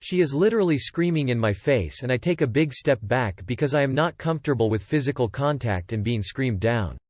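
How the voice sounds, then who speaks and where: A man narrating first-person stories in a plain, even reading style. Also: mid-range voice, a little fast, dry recording. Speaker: story reader. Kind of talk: scripted narration.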